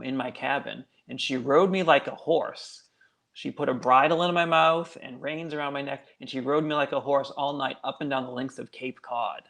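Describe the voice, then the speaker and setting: A man's voice: mid-range voice, vocal fry, a bit bright. A man voicing a weary old sea captain under a witch's spell, in a plain retelling voice. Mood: grave.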